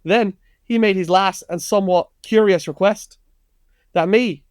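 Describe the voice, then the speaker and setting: An over-the-top male time-traveller narrator booms out his story in a thick put-on Scouse accent, as a man hams it up. The voice sits high and stagey. The recording is dry and close. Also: unhurried, clean tone, dry recording. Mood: hammy.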